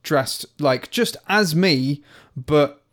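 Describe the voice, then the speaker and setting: A man co-hosting a podcast in casual chat who argues back with quick, incredulous questions. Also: a little high, expressive. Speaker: podcast co-host.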